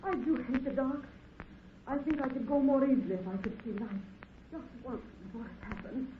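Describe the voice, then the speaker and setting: Shrill scared young woman, high and swooping, crackly echoey old radio play. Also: animated, fairly quick, narrow, tinny audio. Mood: frightened. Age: young adult. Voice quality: breathless, shrill pleading. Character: excitable, frightened young woman trapped in mine. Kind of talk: 1930s radio drama acting. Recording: scratchy, echoey 1930s radio broadcast.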